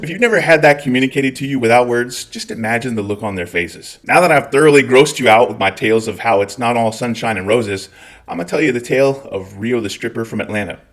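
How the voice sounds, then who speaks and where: A man's voice: medium pitch, fast, soft background music. A middle-aged man with a Scottish accent, telling a long profane story with wry asides as a channel host. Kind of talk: storytelling monologue.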